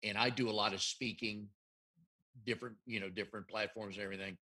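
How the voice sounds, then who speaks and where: A man's voice: fairly low pitch, fairly even intonation, fast, bright, forceful tone. A man hosting an interview, talking casually about video and how people hear their own voices. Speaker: interview host. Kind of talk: interview conversation.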